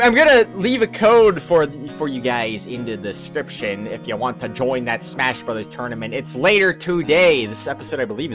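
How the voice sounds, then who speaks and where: A man's voice: mid-range voice, fairly bright tone. A man hosting a let's play, chatting casually in a rambling, self-correcting way. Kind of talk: casual gaming commentary.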